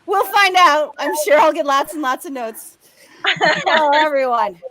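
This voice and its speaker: Very high-pitched lady host, brash and sweary, on a video call. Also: animated, a crowd in the background. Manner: brash, swears freely, fast riffing. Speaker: game show host. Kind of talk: live comedy show hosting.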